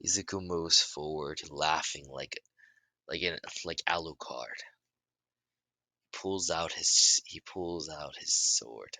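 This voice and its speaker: A man improvising a fan story in halting narration, often restarting his sentences and shouting out the characters' lines. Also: very deep voice, no room sound. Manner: halting, many restarts and self-corrections; bursts into loud shouts for dialogue.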